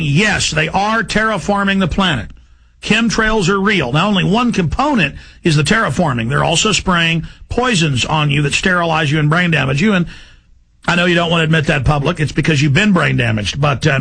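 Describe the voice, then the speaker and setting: A male radio host ranting in an agitated, heated way, breaking into shouting bursts. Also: on the high side, vocal fry, husky. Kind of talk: heated talk radio rant.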